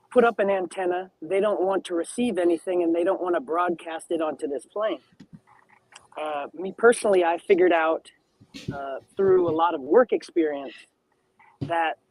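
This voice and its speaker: A man on an online call, speaking in a measured, reflective way about his own experience. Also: high-pitched, dry recording, poor audio. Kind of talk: casual chat.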